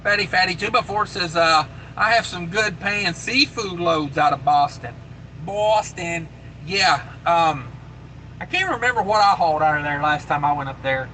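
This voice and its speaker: A man's voice: fairly high pitch, expressive, normal speed, bright, forceful tone, slight background noise, low-quality recording. A man hosting a trucker livestream, chatting casually and reading viewer comments aloud. He talks in a laid-back, rambling way, with lots of fillers and repeated phrases.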